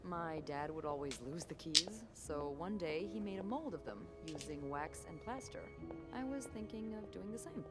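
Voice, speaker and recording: A woman playing a good-humored, handy hotel worker from farm country, low-pitched for a woman and bouncing all over her range. She guides and encourages as she goes, game dialogue with music playing beneath. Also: animated, normal speed, close to an everyday voice. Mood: cheerful.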